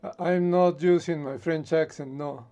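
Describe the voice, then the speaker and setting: A man's voice: a little high, fairly even intonation, moderate pace, mellow, smooth, muffled recording. A man from Mexico with a Mexican Spanish accent, a show contributor answering in a dry, understated way.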